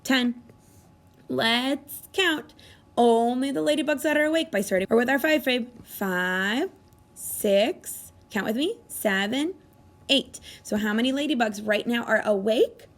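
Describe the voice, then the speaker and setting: High-voiced and sing-song, a kindergarten teacher animatedly teaches math to young children, gasping with exaggerated delight. She draws out their answers through coaxing, encouraging questions.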